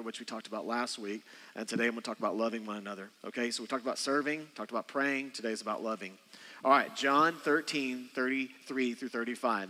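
A man's voice: mid-range voice, sharp tone. A man, a senior pastor, preaching a sermon in a loose, conversational way that often doubles back on itself. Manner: conversational, rambling preaching with frequent restarts and "okay". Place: church sanctuary. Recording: long hall reverb.

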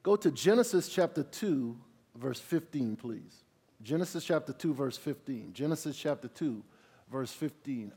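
A man preaching a sermon as pastor, calling out questions to the congregation, dropping low for asides and rising loud on key words. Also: animated, moderate pace, husky, in a large hall. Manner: drops low for asides, rises loud on emphasis.

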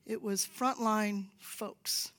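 In a church sanctuary, a woman with a mid-range, slightly bright voice speaks very slowly with fairly even intonation. She gives a sermon-style talk built on stories, sometimes dropping to a whisper for emphasis.

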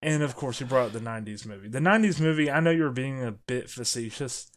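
A man co-hosting a podcast, talking casually and jokily about a film, getting animated and trailing off into restarts. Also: mid-range voice, quick pace. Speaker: podcast co-host. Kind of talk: casual movie review chat.

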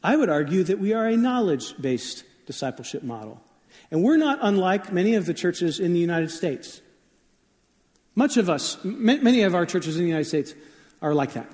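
A man's voice: high-pitched, very animated, moderate pace, a little mellow, in a large hall. A man preaching a sermon as pastor, telling stories in a conversational way with frequent shifts of pace.

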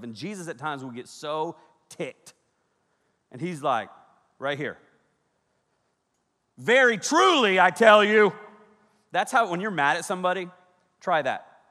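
A man's voice: a little high, moderate pace. A male pastor preaching with humor, joking with the crowd and acting out bits of dialogue. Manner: joking, animated, acts out dialogue. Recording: long reverb of a large hall.

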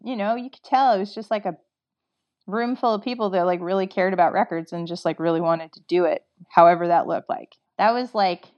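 A woman's voice: on the low side, brisk. Woman from Canada, casual storyteller, chatty, acts out dialogue, slightly muffled recording. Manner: chatty, acts out her own past dialogue, many filler likes. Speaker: interview guest, record maker.

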